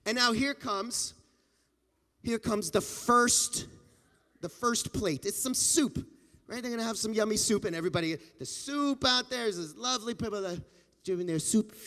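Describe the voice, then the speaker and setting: A man telling a playful children's story at a temple family service, animated and full of sound effects. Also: high-pitched, moderate pace, in a large hall. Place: temple sanctuary.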